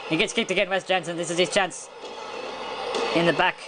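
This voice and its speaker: Excitable amateur wrestling commentator, noisy room. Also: male voice, fairly quick. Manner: excitable, chuckling, stumbling restarts, pitch jumping high at big moves. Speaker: play-by-play commentator.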